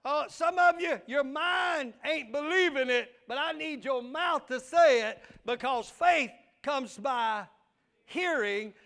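A man's voice: very high voice, slow pace, fairly bright tone. A male pastor, preaching a fiery sermon with call and response.

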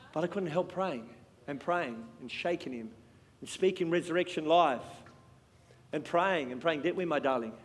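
Impassioned preacher, high voice, long reverb. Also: male voice. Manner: impassioned, swings between loud and hushed. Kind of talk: sermon.

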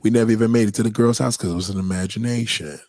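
A man's voice: lowish voice, steady tone, rapid-fire, a little mellow, no room sound, clean studio sound. A man riffing casually as a comedian, chatting loosely and checking in with his listeners. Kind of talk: casual comedic riff to viewers.

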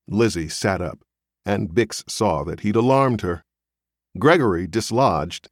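Slow, expressive male audiobook narrator. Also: on the low side, no room sound, studio quality. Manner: measured, expressive storytelling. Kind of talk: scripted literary narration.

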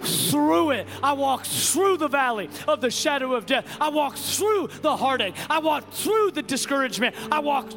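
A man's voice: very high voice, lively intonation, moderate pace, few pauses. A man preaching a fervent sermon to a congregation in a church, building through repeated declarations. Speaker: pastor. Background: music.

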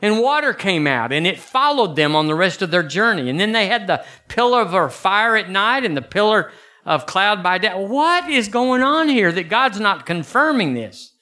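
Folksy pastor, bright voice. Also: male voice, normal speed. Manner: folksy, animated preaching with sudden high bursts. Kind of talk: sermon.

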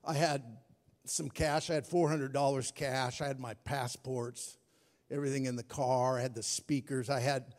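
A middle-aged man preaching a sermon as pastor, telling a story in a lively, animated way. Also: mid-range voice, moderate pace. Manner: storytelling, animated, acts out his own panic. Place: large church hall. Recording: long hall reverb.

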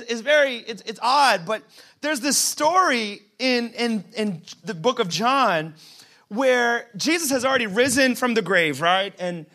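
A man's voice: very high voice, bright, forceful tone. A young man preaching a casual, conversational sermon, often laughing and asking the congregation questions. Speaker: pastor.

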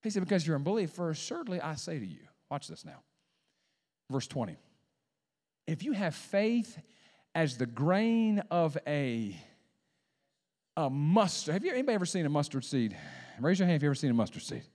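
A man pastor preaching a sermon to a congregation, with call-and-response lines and sudden swings between hushed talk and loud emphasis. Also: a little high, big pitch swings, normal speed, pauses often. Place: church sanctuary. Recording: long hall reverb.

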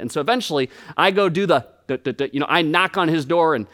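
Male pastor, higher-pitched voice, animated storyteller, sermon with humor. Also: fast, few pauses. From United States.

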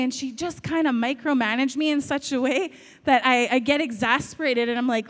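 Woman, high-pitched, casual storytelling preacher; room with a long reverb tail. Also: fairly even intonation, brisk. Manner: casual, storytelling, many rhetorical questions. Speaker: speaker giving a talk on faith. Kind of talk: conversational sermon.

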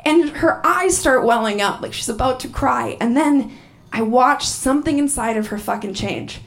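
High, lively woman doing profane stand-up. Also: moderate pace. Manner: profane, animated, laughing through punchlines. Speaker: stand-up comedian. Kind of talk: stand-up comedy set. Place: comedy venue with a live audience.

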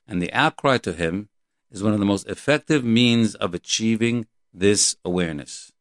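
Man, Torah lecture, lowish voice, halting and repetitive, earnest, dry close recording. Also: dry recording. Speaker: Torah teacher. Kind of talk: Torah lecture, quoting Hebrew verses and translating.

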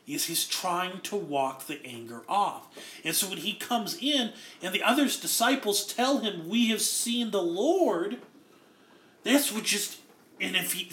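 A man gives an earnest expository sermon, working through the meaning of words. His voice sits high and sounds bright and forceful. The room around him is echoey. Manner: earnest, explains Greek word by word. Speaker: preacher.

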